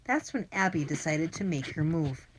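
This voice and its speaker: Narrator: woman, lowish voice, brisk first-person children's story reading. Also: lively intonation, a little hiss or hum. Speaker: audiobook narrator.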